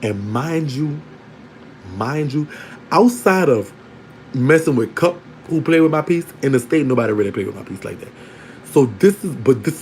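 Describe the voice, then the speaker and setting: A man telling a candid personal story to his online audience in a casual, animated way, often breaking into laughter. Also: mid-range voice, slight background noise, rough recording. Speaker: storytelling vlogger.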